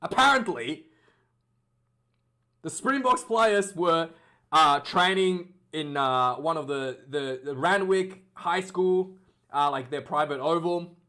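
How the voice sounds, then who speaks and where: Australian guy, high voice, chatty rugby vlogger who rambles and checks in with the viewers. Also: slow pace, sharp tone. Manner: chatty, rambling, full of "uh" and "okay?" check-ins. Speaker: rugby channel host. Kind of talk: casual vlog preview chat.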